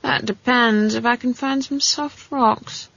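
A woman reading a storybook plays a blunt old witch, gruff and curt, her voice husky and dropped low, set down close and dry. The lines come out flat and offhand, as if nothing could rattle her. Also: normal speed, no echo, lo-fi sound, full character voice. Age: older. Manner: curt, dry, matter-of-fact.

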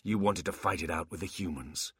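Man doing a bored old warlock demon, deep, dry, slow, half-whispered. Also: steady tone, breathy edge, dry recording, exaggerated voice. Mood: scornful. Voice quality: quiet, low, at times whispered. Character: ageless warlock demon, weary, dry, superior.

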